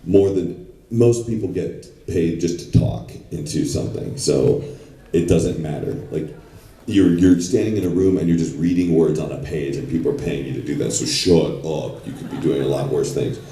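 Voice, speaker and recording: Deep-voiced man telling panel stories. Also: moderate pace, dark tone, distant mic. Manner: chatty, rambling storyteller. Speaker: convention panel guest. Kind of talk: anecdotal panel talk. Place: convention panel room. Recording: echoey convention room from afar.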